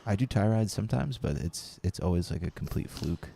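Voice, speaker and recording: A man's voice: sits low, lively intonation, fairly quick, creaky, dark tone, slight background noise. A man casually chatting with live viewers while playing a BMX video game, rambling and reading the chat aloud.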